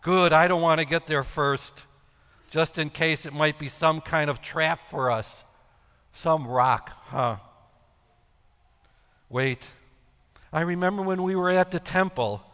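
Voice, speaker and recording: A man playing Simon Peter, an anxious, guilt-ridden middle-aged apostle, in a dramatic monologue, talking in agitated, halting bursts of self-reproach. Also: on the high side, a bit bright, clean tone. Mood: uneasy. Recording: echoey hall with long reverb.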